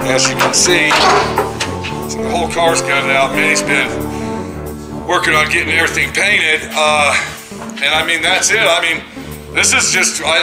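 A man's voice: on the high side, rough recording. A man hosting a vlog at his car shop, ranting angrily and cursing in exasperation, with music playing under his voice. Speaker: mechanic and channel host. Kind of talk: casual vlog walkthrough.

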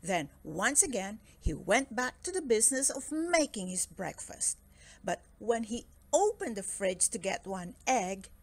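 A woman reading a children's picture book aloud in a slow, expressive storytelling manner. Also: mid-range voice, no room sound.

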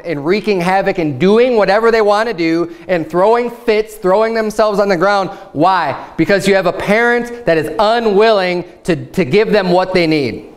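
A young adult man preaching a sermon at a church service, frank and conversational, with stories from his own life. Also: sits high. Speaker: pastor.

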